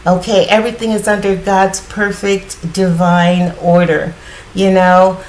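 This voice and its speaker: A woman giving a casual spiritual card reading in a groggy morning voice, often clearing her throat and rambling reassuringly with lots of fillers. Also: mid-range voice, little pitch movement, a little slow, darkish tone, a little hiss or hum, rough recording. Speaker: tarot card reader.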